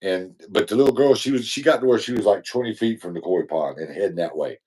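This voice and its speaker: A man's voice: on the low side, fast talker, a little mellow, breathy edge. A man co-hosting a podcast, telling a long, rambling, slangy story in casual chat. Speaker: podcast co-host.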